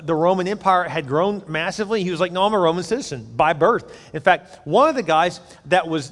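A man's voice: high-pitched, long reverb tail. A male pastor from the United States preaching a sermon in a conversational way, acting out the voices he quotes.

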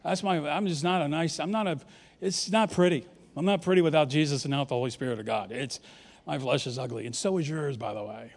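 A man in his fifties from New York, a pastor preaching an animated, joking sermon and leading the congregation in call-and-response. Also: fairly high pitch, fast. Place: large church auditorium. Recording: long hall reverb from a large church.

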